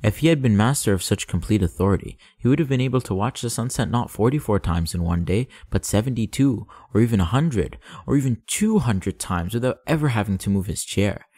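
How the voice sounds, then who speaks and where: A man reading a classic story aloud as an audiobook narrator, calm and measured. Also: lowish voice, breathy edge, no echo, studio quality.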